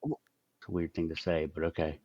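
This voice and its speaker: A man's voice: rumbling low, level tone, moderate pace, highs cut off, crowd noise. A man on an online debate panel, pushing back at others in a combative way. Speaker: panel participant.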